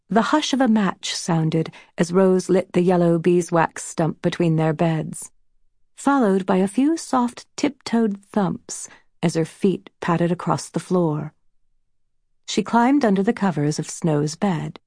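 Woman audiobook narrator, slow and gentle, mid pitch, dry close studio sound. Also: no room sound. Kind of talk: scripted storybook narration.

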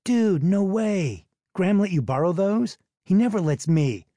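Man voicing a brash teen boy, high and eager, mellow tone, audiobook. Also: animated, moderate pace, no room sound. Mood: excited. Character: cocky excitable teenage boy.

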